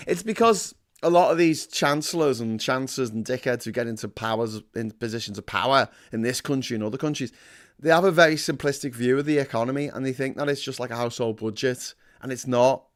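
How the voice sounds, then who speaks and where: A man's voice: mid-range voice, a little fast. A man hosting a casual livestream, rambling and self-deprecating, full of fillers and restarts. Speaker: host.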